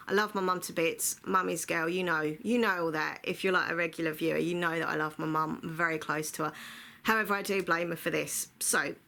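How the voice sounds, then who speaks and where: A woman's voice: fairly low pitch, vocal fry, pushed and bright. A woman telling a rambling, chatty storytime to her vlog audience, full of filler words. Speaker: vlogger. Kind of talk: casual storytime monologue.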